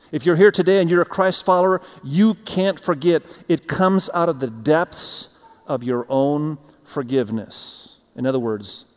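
A male pastor giving an earnest sermon, often dropping his voice soft and low to stress a point. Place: church sanctuary. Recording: long reverb of a large hall.

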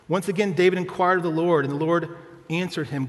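High-voiced pastor preaching in a hall. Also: male voice, fairly even intonation, a little fast. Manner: storytelling with humor, asks the congregation "right?". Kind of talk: sermon.

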